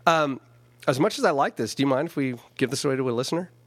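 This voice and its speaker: A man from California hosting a casual radio interview, chatty and quick to laugh. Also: mid-range voice, no echo. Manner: laughs often, chatty and animated. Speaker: radio show host.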